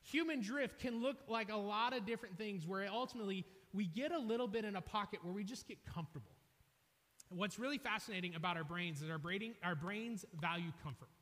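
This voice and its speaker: A young man preaching a sermon, telling a funny story loudly, with an animated, self-mocking manner. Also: high voice, brisk. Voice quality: loud, energetic. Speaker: pastor. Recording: reverberant hall.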